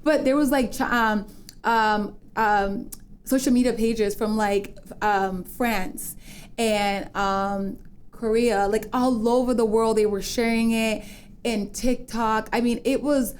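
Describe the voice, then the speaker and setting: Animated chatty woman, slightly high voice. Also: slow, clear, resonant tone. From United States, Dominican parents. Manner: animated storyteller, acts out quoted voices, laughs often. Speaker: podcast guest. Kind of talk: casual interview chat.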